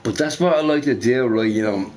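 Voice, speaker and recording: A young man rambling casually while streaming a game, swearing freely and telling stories in an animated way. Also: medium pitch, brisk, background noise. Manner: profane, rambling, animated storytelling. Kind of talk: casual rambling chat over gameplay.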